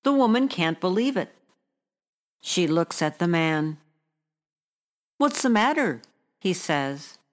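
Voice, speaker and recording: A woman reading a short story aloud in a measured, hushed way. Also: on the low side, lively intonation.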